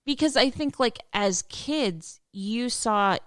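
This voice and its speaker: Relaxed woman guest, dry close sound. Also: fairly high pitch, slow, no room sound. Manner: relaxed, filler-heavy talk with lots of "like". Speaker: podcast guest. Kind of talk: casual film chat.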